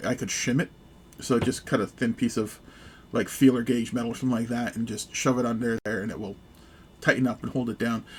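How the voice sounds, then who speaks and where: A man with a mid-range voice walks viewers through a hands-on repair at a workbench, speaking casually and hesitantly with plenty of ums and little jokes. A faint hum sits under his voice. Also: mid-range voice. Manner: relaxed, joking, hesitant with fillers. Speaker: gun repair video host. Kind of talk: casual how-to demonstration.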